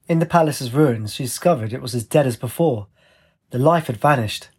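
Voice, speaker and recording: A man reads a fantasy audiobook in a measured, descriptive manner. His voice has a husky, breathy grain and sits at an ordinary male pitch. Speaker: narrator. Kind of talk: audiobook narration.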